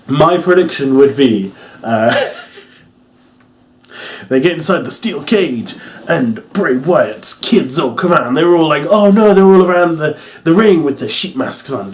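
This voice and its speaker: Male reviewer, casual and hesitant, mid-pitched, bursts into excited joking. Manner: rambling, hesitant, many fillers and restarts; gets excited and loud when joking. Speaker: wrestling reviewer.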